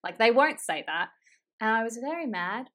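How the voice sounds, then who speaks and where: A woman co-hosting a casual podcast over a video call, expressive and quick to swing between loud and soft. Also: on the high side. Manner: expressive, quick swings in loudness, laughs easily. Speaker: podcast co-host. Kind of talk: casual chat.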